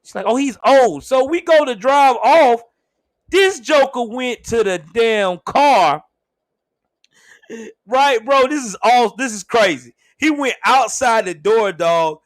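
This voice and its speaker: A young man hosting a livestream, telling a story in a casual, laughing, animated way. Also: very high voice, takes it slowly, no room sound. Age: young adult. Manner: laughs often, animated, swears freely. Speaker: show host.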